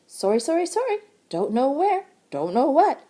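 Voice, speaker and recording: A jittery storybook squirrel, as a woman puts him on chatters in high, repeated bursts. His squeaky voice leaps sharply upward. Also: big pitch swings, mellow. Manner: rapid, repetitive chatter.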